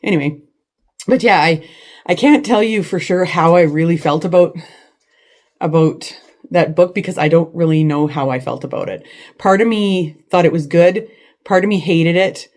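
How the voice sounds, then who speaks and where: A woman with a low voice talks casually to the camera from her living room. Her chatty, hesitant delivery is full of fillers and restarted sentences as she vlogs about books. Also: moderate pace, darkish tone. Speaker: book vlogger. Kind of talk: casual chat.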